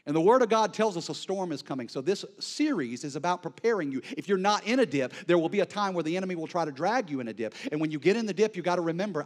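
A male pastor delivering an impassioned sermon, swinging between near-shouted peaks and hushed, quiet lows. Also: expressive, fast talker, few pauses.

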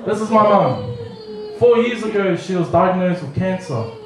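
A man's voice: sits high, expressive, moderate pace, background noise. A man preaching a humorous, audience-engaging story sermon in a church hall. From New Zealand. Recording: echoey hall from far off.

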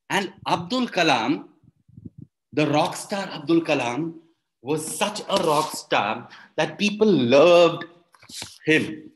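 Male storyteller, high voice, animated and audience-quizzing. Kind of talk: performative storytelling for children.

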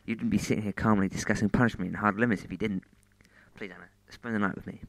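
A man reading the lines of an intense, commanding young man who pleads in a low, hushed, urgent voice, in a plain storybook reading. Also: fairly even intonation, quick pace, dry recording.

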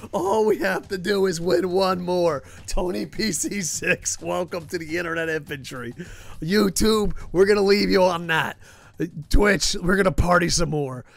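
Gravelly excitable male game streamer. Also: high voice, measured pace. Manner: excitable, swearing, joking with chat. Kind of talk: live game streaming commentary.

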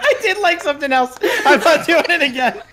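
A man's voice: very high-pitched, animated, brisk. A man co-hosting a comedy show, teasing and giggling through casual banter. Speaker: podcast co-host. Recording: crowd noise behind.

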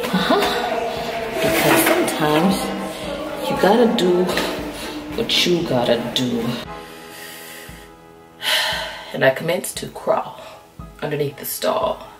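Woman storyteller, sassy comic delivery, lively pitch, music bed behind. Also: slow, pauses often. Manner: animated, sassy, acts out voices and sings lines. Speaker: vlogger telling a story.

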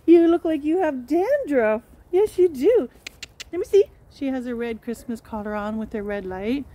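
A woman vlogging at home with her pets, chattering in sing-song baby talk and cheering them on with excited calls. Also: high voice, moderate pace. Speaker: pet vlogger. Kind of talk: casual home vlog. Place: home with pets, partly outdoors in snow.

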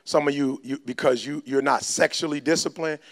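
A man's voice: fairly high pitch, steady tone, a little fast. A man giving a fiery motivational speech, lecturing his listeners in slangy street talk. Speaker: motivational speaker.

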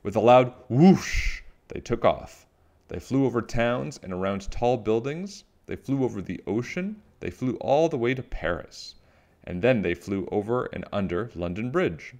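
A man reading a children's book aloud, animated and expressive with playful sound effects. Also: mid-range voice, moderate pace. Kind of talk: storybook read-aloud.

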